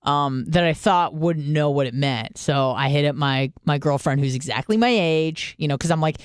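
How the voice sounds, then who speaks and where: Young woman radio host, casual monologue, frank and foul-mouthed, smooth clear voice, dry close sound. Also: low-pitched, normal speed, no echo. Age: 20s. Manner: candid, profane, self-deprecating storytelling.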